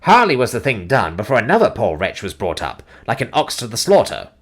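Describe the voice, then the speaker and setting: A man giving a dramatic, highly expressive scripted audiobook narration. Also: fairly quick, breathy edge.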